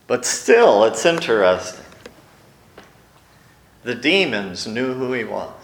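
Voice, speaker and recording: A man's voice: medium pitch, sing-song, slow pace, roomy sound. A male pastor preaching a sermon, telling stories and acting out the quoted lines. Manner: storytelling, acts out quotes with raised voice. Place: church sanctuary.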